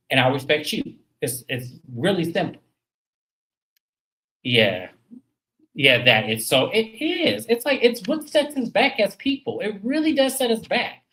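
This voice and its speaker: A woman's voice: extremely low pitch, fairly bright tone, rough recording. A woman hosting a reality TV recap in casual commentary, blunt and emphatic, cursing freely and talking straight to her viewers.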